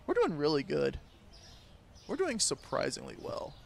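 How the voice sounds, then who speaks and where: A young man with a fairly high voice talks over a game in a crude, sarcastic way. He swears freely and swings from low mutters to loud outbursts at the customers. A faint background noise sits under his voice. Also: wildly swooping pitch, measured pace, creaky. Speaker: gaming video creator. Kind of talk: casual gameplay commentary.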